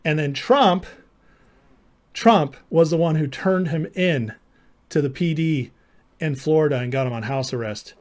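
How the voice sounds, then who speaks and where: A man hosting a live stream, his voice sitting a little high for a man. He argues combatively with viewers in the chat, mocking them and turning sarcastic, sometimes aping their lines in a silly voice. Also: unhurried, pauses often. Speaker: live show host.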